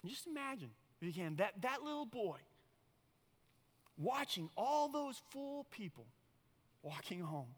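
A man's voice: extremely high pitch, a little slow, pauses often, long reverb tail. A middle-aged man preaching a sermon as pastor, telling stories with folksy asides. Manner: animated storytelling, folksy asides.

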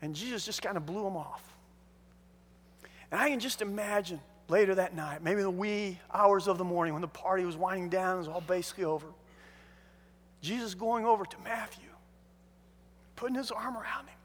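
A man preaching a sermon as a pastor, telling the story in an animated way with many restarts. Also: sits high, fairly quick, long pauses, breathy edge, big-room sound.

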